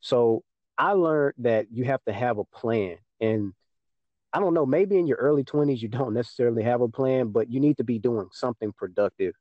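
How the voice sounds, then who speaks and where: A man's voice: medium pitch, moderate pace, no room sound, muffled recording. A young man from Texas in casual chat, telling a story and acting out what people said to him. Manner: storytelling, acts out dialogue with mom.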